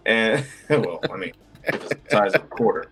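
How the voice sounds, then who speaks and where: A man's voice: on the low side, expressive, brisk, over music. A man co-hosting a podcast in casual chat, teasing his co-host and laughing often.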